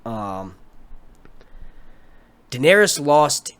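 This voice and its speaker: Profane, excitable young man ranting live. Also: medium pitch, very slow, clear, resonant tone. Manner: profane, excitable, talks in run-on asides. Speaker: livestream host reviewing a TV episode. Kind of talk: casual live-stream rant.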